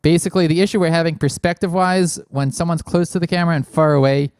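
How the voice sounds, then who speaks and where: Here a man with a fairly high-pitched yet darkish voice talks fast in a steady, clean tone with no echo. As host of a casual call-in podcast, he rambles with plenty of fillers while speaking closely into a large studio mic in a small studio.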